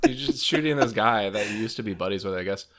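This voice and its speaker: A man's voice: on the low side, lively intonation, fast talker, crowd noise. A man co-hosting a casual movie review podcast, joking around and acting out movie lines in silly voices. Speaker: podcast co-host.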